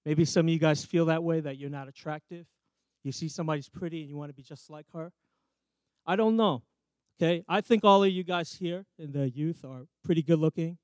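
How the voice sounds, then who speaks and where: A man's voice: on the high side, a little fast, darkish tone, no echo. A man in his thirties preaches to a church youth group in a slightly raised voice, rambling and poking fun at himself between restarts. His mic sound is close and dry, with no room around it. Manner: rambling and self-joking, many restarts. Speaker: youth pastor. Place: church youth service with audience. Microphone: microphone.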